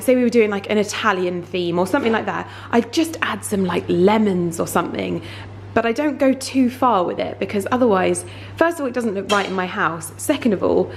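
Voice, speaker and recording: A woman in her thirties talks through her home in a casual vlog, chatty and enthusiastic with plenty of fillers. Her voice sits at a medium pitch, with faint household sounds behind her. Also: slight background noise. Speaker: lifestyle vlogger. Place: home, indoors and in a garden.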